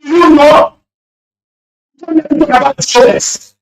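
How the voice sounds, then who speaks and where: A man calling in to a radio show, speaking emotionally in rapid-fire accusations and shouting at times. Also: extremely high pitch, fairly even intonation. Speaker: caller. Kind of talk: impassioned radio call-in speech. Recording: echoey and distant line.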